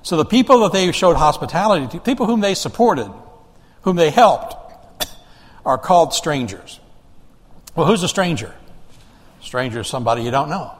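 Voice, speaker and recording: A man's voice: fairly high pitch, long reverb tail. A man preaching a sermon in a conversational way, asking the congregation rhetorical questions and often restarting his sentences. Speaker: pastor.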